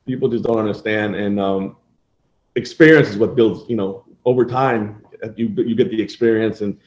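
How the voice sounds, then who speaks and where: A man's voice: fairly low pitch, moderate pace. A man hosting a casual podcast chat, telling stories at an easy pace with many fillers. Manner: relaxed storytelling with fillers. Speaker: podcast host, assisted living operator. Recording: echoey room, dull lo-fi sound.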